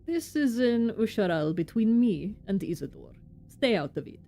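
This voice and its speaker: A woman voicing a huge, scarred male slaughterhouse foreman in a slow, heavy, clipped way, with a put-on Russian accent. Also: medium pitch, big pitch swings, dark tone. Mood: cold. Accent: attempted Russian accent.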